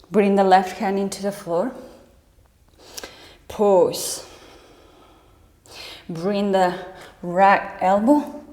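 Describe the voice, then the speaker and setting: This mid-range, darkish female voice belongs to a yoga teacher guiding her class through breath counts and pose cues. Her wording is slightly non-native, and the space echoes with long reverb.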